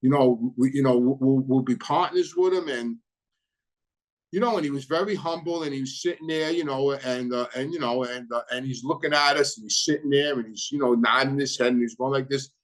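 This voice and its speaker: A man's voice: mid-range voice, fairly even intonation, brisk, a bit bright, low-quality recording. A middle-aged man hosting his own channel, recounting his past in a casual, rambling monologue full of repeats and "you know"s.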